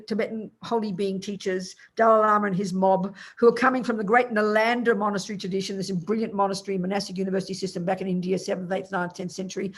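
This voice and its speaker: An older woman with an Australian accent teaches a class as a Buddhist nun. Her voice is husky and a little breathy, and her delivery is blunt and colloquial, full of teasing endearments. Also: medium pitch. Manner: blunt, colloquial, teasing, calls listeners darling and sweetie pies.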